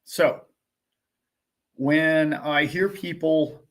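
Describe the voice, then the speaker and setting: A man's voice: fairly high pitch, steady tone, drawn-out words. A man hosting a casual livestream, talking emphatically in a ranting way and firing off rhetorical questions. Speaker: livestream host.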